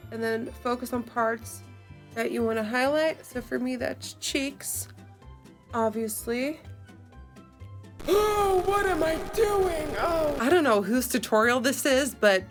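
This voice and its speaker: A woman hosting a makeup challenge video, chatting casually and reading out steps with animated, exclaiming commentary. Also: on the high side, measured pace, soft background music. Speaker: beauty video host.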